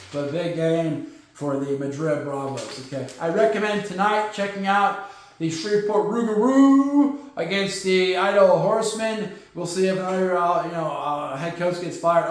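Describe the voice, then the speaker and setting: A man hosting a football podcast, running through league news in quick bursts with lots of fillers and punchy asides. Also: sits high. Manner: rapid-fire, filler-heavy, punchy asides. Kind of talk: sports news rundown. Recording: very echoey room.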